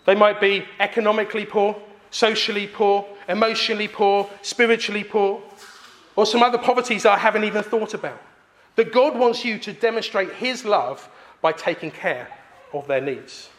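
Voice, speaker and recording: A man, preaching a sermon emphatically with pauses for effect. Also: sits high, a bit bright.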